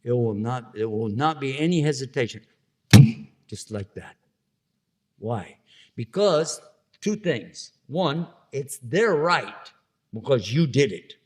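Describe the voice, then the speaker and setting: A man giving a religious lecture in a relaxed, conversational way, often turning to the audience with questions. He brings his points to life with small acted-out scenes and voices, keeping the tone lightly humorous between serious reminders. His voice sits at a middle pitch for a man. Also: takes it slowly, long pauses, slight background noise. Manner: storytelling, acting out little scenes with funny voices. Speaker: Islamic lecturer.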